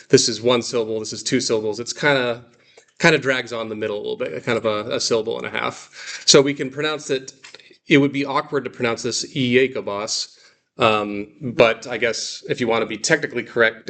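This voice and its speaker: A man's voice: mid-range voice, fairly bright tone. Man, classroom teacher, plain mid voice, explains and drills pronunciation. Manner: explanatory, repeats and models pronunciations slowly. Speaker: Greek teacher.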